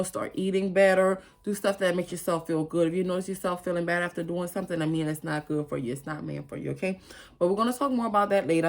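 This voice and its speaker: A woman with a somewhat low voice gives a casual, heartfelt talk straight to her viewers. She is earnest and emotional, and she rambles and restarts her sentences as she goes. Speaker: spiritual vlogger. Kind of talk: casual motivational monologue.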